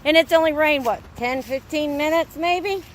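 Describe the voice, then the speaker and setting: A woman's voice: high-pitched, moderate pace, slight background noise. Upset woman filming her flooded yard. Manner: upset and exasperated, repeating "look". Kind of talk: phone video walk-through, complaining. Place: outdoors in a flooded, rainy back yard. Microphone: handheld phone.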